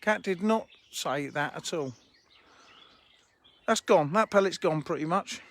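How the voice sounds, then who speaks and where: High-voiced man chatting by a lake. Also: lively intonation, a little slow, fairly bright tone. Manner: chatty, laughing, blunt and informal. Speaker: fishery owner. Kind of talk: live-streamed lakeside walk and chat. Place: outdoors by a fishing lake. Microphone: handheld phone.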